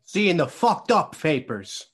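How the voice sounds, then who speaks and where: Man, co-host; punchy, crude one-word reactions, very lively pitch. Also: moderate pace, breathy edge. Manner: short, loud, crude interjections. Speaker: podcast co-host. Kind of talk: casual chat.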